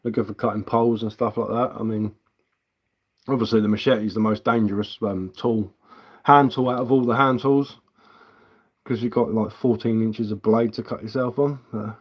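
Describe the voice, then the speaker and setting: A man's voice: mid-range voice, steady tone, normal speed, slightly rough. A man from England hosting a casual livestream as a woodcarver, rambling bluntly and swearing casually while answering viewers. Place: indoors at home.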